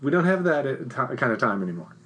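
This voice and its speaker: A man's voice: medium pitch, very animated, fairly bright tone, slight background noise. A man in his fifties co-hosting a podcast, chatting casually and joking with a playful manner. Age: 50s. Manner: playful, joking, quick to laugh. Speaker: podcast co-host. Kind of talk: casual chat.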